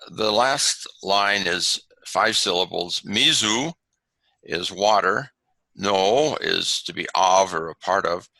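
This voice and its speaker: A man gives a lesson from slides over a video call, talking in halting bursts full of fillers. His voice is gravelly and bright with a lot of movement in the pitch, and the sound is dry and close. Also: no room sound, poor audio. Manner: halting, many fillers and restarts. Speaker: webinar presenter on haiku.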